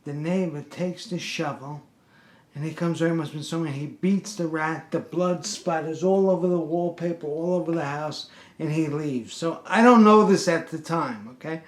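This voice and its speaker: A man tells a story in a blunt, streetwise way. His voice sits fairly high for a man, and a roomy echo follows his words. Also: normal speed. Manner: streetwise and blunt, talking straight to the listener. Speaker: pest control operator. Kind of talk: casual storytelling.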